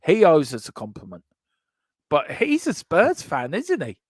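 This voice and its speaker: A man co-hosting a casual fan chat show, reading out comments in an animated, joking way and repeating himself for emphasis. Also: on the high side, measured pace, slightly rough, no room sound, studio quality. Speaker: co-host of a fan channel show.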